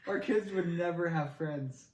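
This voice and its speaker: A man's voice: fairly high pitch, a little slow, a little mellow. A man co-hosting a casual reaction chat with dry, squeamish asides. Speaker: co-host. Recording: echoey room, far from the mic, noise.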